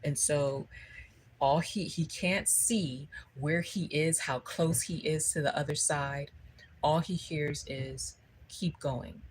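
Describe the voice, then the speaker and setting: A woman's voice: low voice, fairly even intonation, takes it slowly, slight background noise, rough recording. A woman giving a spiritual livestream talk, telling a story conversationally and often checking in with her listeners. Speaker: spiritual speaker.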